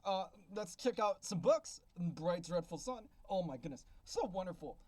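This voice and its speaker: An excitable man out of breath, hosting a casual vlog where he beta-reads a manuscript and exclaims often. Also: high-pitched, moderate pace, no room sound. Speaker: beta reader and self-published author. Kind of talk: casual reading review vlog.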